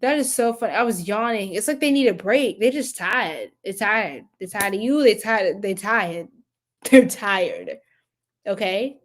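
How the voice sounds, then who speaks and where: A woman's voice: mid-range voice, animated, measured pace. A young woman giving a casual live tarot reading, chatty and giggly, talking to viewers in the chat. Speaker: tarot reader.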